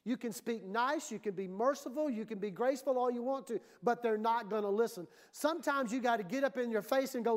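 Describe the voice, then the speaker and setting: A woman's voice: fairly high pitch, a little fast, hardly any pauses, a little mellow. A woman pastor preaching a sermon in a church, emphatic and conversational, often acting out the voices she quotes.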